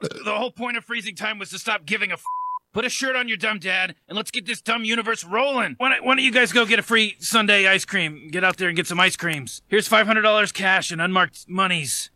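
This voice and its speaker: A man's voice: high voice, sharp tone, poor audio. An actor playing a cranky, foul-mouthed old male scientist genius who rants and insults his family in a cartoon. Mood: dismissive. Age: older. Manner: sneering, insulting, fast rants.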